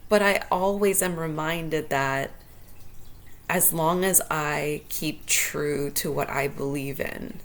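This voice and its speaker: Solo host, woman, deep voice, earnest and heartfelt, unscripted musing. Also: takes it slowly, a bit bright. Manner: earnest, heartfelt, thinking aloud. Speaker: podcast host. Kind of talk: solo reflective monologue.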